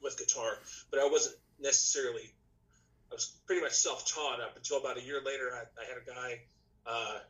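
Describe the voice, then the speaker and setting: A man chatting as a podcast guest, telling a long story in a loose, rambling way. He restarts sentences often and leans on fillers. His voice is a little rough today. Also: mid-range voice, steady tone, fairly quick, bright, forceful tone, rough recording. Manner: rambling, many restarts and "you know". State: slightly rough voice, clearing throat. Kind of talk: casual storytelling chat.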